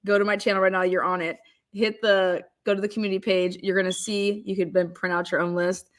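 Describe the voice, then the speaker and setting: Woman, livestream host, excitable, giggly, casual swearing. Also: medium pitch, a little fast, slight background noise. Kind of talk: casual live-stream chat.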